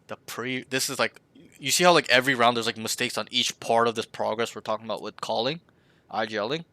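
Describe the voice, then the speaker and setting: Here a man reviews a match with a student in a relaxed coaching session, blunt and quick to curse. The brisk, mid-range voice comes across bright and forceful in a dry, close recording without room sound. To demonstrate, he frequently performs team callouts the way they ought to be delivered.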